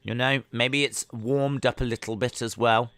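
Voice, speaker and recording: A streamer reacts to the races live, chatty and easily excited. His voice is bright and crisp, close to the mic in a dry room. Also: medium pitch, moderate pace, no room sound. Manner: chatty, excitable, with frequent fillers. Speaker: livestream host. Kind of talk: live sports watch-along commentary.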